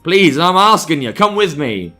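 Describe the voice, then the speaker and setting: Man voicing an urgent young man, pleading, bright and fairly high voice. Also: very animated, normal speed, faint music behind. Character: young man asking a stranger for help.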